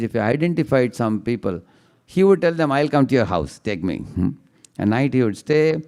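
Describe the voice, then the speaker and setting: Man, devotional lecture, deep voice, vocal fry, tags lines with "huh?". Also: warm tone. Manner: chants verses in a slow singsong. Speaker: speaker giving a devotional class.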